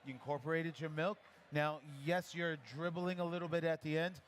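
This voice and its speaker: Guy coaching latte art live at a coffee fest, kinda high voice, friendly quick cues, faint noise behind. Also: steady tone. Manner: encouraging, chatty, gives quick pouring cues. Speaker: barista instructor. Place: coffee festival demo area.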